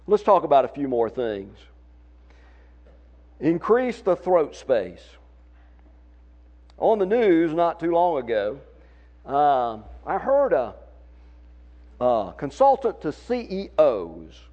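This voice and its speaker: A church song leader with a Southern accent gives singing tips to his congregation in a folksy, encouraging way, demonstrating voice techniques as he goes. His voice is a little high, sing-song and a bit mellow, moving slowly with long pauses. The workshop recording is muffled and lo-fi.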